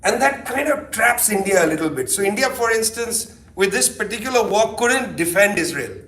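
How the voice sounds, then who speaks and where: A man's voice: sits high, moderate pace. A middle-aged man giving a keynote talk in a loose, sardonic, conversational way, full of asides. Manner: animated, sardonic, peppered with asides. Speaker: keynote speaker. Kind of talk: conversational lecture. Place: lecture hall. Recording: echoey hall, distant mic.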